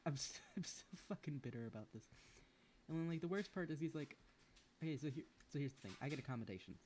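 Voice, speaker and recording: Animated young streamer rambling casually. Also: medium pitch, fast talker, a little hiss or hum. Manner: rambling, swears freely, self-mocking. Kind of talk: casual chat while gaming. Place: at home.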